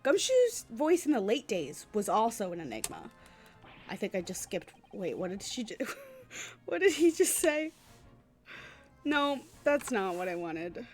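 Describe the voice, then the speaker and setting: Chatty, sarcastic woman streamer, very lively pitch. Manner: chatty, sarcastic, reads lines aloud. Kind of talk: game stream commentary.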